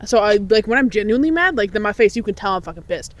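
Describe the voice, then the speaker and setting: A woman's voice: medium pitch, lively intonation, fast talker. A young woman co-hosting a podcast, telling blunt, profane stories in casual chat and laughing through them. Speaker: podcast co-host.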